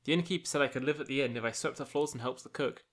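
A man's voice: mid-range voice, racing, lightly acted. A man voicing a kind young orphan girl in a plain, unaccented reading. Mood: earnest. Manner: reads the lines plainly, no accent.

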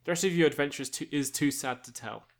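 A man's voice: a little high, fast talker, lightly acted. A man voicing a stern earl who threatens a captive, staying close to his own voice. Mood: menacing. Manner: reads the lines mostly in his own voice.

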